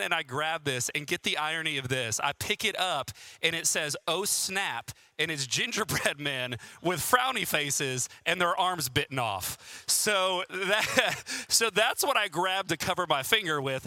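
A man's voice: a little high, sharp tone, no room sound. A man in his thirties, a pastor giving a sermon with personal stories, chatty and self-deprecating and laughing often.

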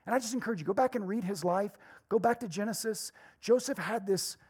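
A woman preaching a conversational sermon, animated and full of rhetorical questions. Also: medium pitch, a little fast, slightly rough.

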